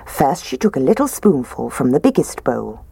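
A woman reading a children's storybook aloud in a gentle, expressive way. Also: very deep voice, moderate pace, vocal fry, husky, dry recording.

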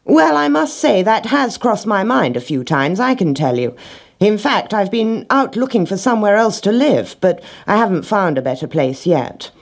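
A woman's voice: medium pitch, big pitch swings, moderate pace, creaky, pitched above the performer's own voice. A woman voicing a clever, smug male rat in a storybook reading, sly and pleased with himself.

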